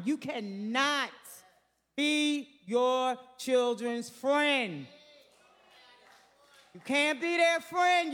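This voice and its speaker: A woman's voice: a little high, a bit bright, in a large hall. An older woman preaching a sermon, emphatic, repeating her phrases and calling out to the congregation.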